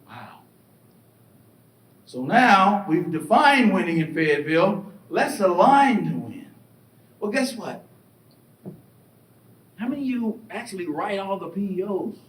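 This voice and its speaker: Animated man giving a keynote in a hall. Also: unhurried, pauses often. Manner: animated storytelling, acts out voices and asks the crowd questions. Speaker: keynote speaker. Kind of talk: motivational keynote speech. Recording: echoey hall, distant mic, faint rumble.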